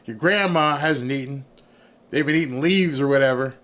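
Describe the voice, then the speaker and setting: A man's voice: medium pitch, normal speed, fairly bright tone. A man, streaming an angry, sarcastic rant in reaction to news clips. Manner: angry, sarcastic, mocks others in put-on voices. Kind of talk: ranting reaction commentary.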